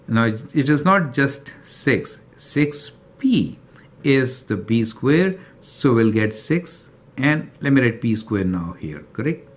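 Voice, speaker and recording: Animated man teaching calculus. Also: mid-range voice. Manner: explanatory, checks in with "right?" and "do you see that?". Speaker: math teacher. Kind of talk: recorded calculus lesson.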